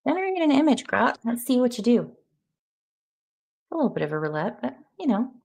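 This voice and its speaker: A woman's voice: on the high side, big pitch swings, fairly quick, vocal fry, darkish tone. A woman hosting a casual live stream of an AI text adventure, chatting loosely with lots of fillers and greeting viewers.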